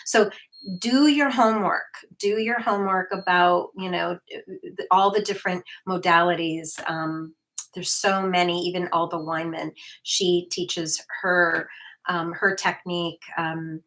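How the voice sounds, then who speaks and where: A woman hosting a casual livestream talks slowly, with many pauses and fillers. Her voice is bright and clear and keeps a relaxed, chatty flow. She talks straight to her viewers and reads their comments aloud. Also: on the low side. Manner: chatty, with frequent fillers and restarts. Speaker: host, hypnotherapist.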